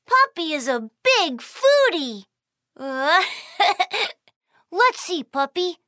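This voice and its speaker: Super high sweet cartoon panda girl, bubbly and sing-songy, talks slow and clear, dry close sound. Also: sing-song, bright, forceful tone, no echo, heavily acted. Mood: cheerful. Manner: bubbly, sing-song, addresses the viewer directly. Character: cheerful young female panda, sweet and curious. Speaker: cartoon host character. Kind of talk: children's cartoon voice acting.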